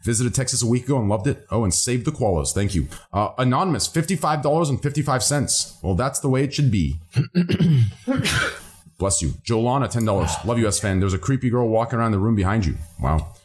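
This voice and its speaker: A man hosting a livestream, casually reading out donation names and amounts with quick thanks. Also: mid-range voice, expressive, a little mellow. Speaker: livestream host.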